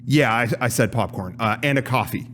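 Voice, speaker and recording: A man's voice: mid-range voice, brisk, a little hiss or hum. A man co-hosting a casual podcast, telling a story and acting out the lines people said. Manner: animated storyteller, acts out quoted lines. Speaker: podcast co-host.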